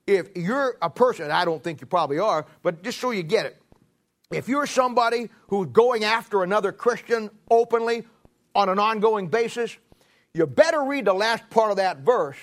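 Emphatic preacher man with a higher voice. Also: lively intonation, moderate pace. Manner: emphatic, repetitive, swings between loud and hushed. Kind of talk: sermon.

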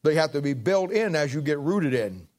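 A man gives a sermon from the pulpit in a slightly raised voice. He slows and swells to read scripture aloud, then drops into chatty asides, clearing his throat as he goes. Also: a little high, big pitch swings, a little mellow. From Ohio, United States. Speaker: pastor.

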